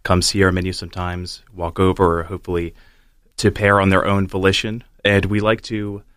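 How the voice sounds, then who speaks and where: Male front of house manager, deep voice, polite and agreeable, dry studio sound. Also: flat delivery, brisk, a bit bright, smooth, no room sound. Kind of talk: casual interview chat.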